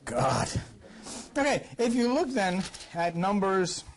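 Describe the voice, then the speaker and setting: An older man with a high-pitched voice teaching a class on scripture. He rambles and talks to the room in a conversational way, with big swings in loudness. His voice has a slight roughness from recent coughing. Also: sing-song, takes it slowly, slight background noise. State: recovering from a cough. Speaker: lecturer.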